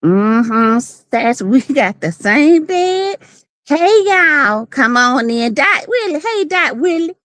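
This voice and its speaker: Sassy woman for a live-stream chat, high voice that swings all over, dry close sound. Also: sing-song, slow, fairly bright tone, no echo. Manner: sassy, playful, greets viewers by name.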